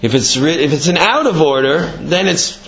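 Brief: man Torah teacher, conversational and lively, in a dull lo-fi recording. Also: fairly high pitch, moderate pace. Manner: animated, conversational explaining. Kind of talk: Torah class with storytelling.

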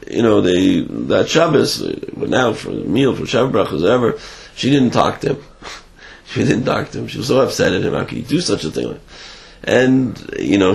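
A man telling a religious story in a halting, animated way, with frequent restarts. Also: deep voice, gravelly.

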